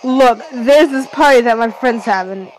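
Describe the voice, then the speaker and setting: A young woman voicing a cocky teenage boy, a bit high. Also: natural voice, low-quality recording. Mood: pushy. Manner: casual, halting with restarts.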